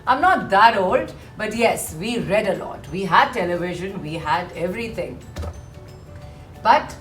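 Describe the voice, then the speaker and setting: A woman teaching a poem in an online class, animated and repeating words for emphasis. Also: mid-range voice, measured pace, reverberant, soft background music. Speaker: English teacher.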